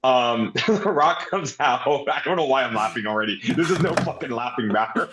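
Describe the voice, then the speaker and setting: A man's voice: medium pitch, expressive, moderate pace, a bit bright. A man co-hosting a casual wrestling review, talking animatedly and swearing often. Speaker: podcast co-host. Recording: roomy, dull lo-fi sound.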